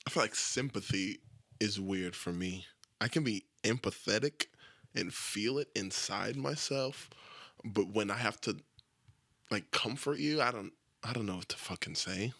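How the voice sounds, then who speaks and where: Speaking at a moderate pace with a fairly low, expressive voice, this young man runs a solo podcast. His tone is bright and forceful with no room sound, and he rambles crudely, mocks himself and swears a lot in a casual monologue.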